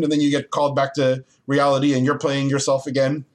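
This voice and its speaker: A man's voice: fairly high pitch, moderate pace. Chatty man telling a game story. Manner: animated storytelling with laughs and fillers. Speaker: podcast co-host. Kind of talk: casual chat about video games.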